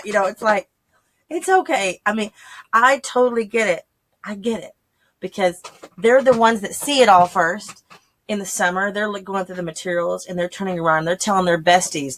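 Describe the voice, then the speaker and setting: Speaking at normal speed in a medium-pitched voice, a woman who hosts a homeschool channel chats casually with homeschooling parents. She explains things by performing the voices of the people she quotes.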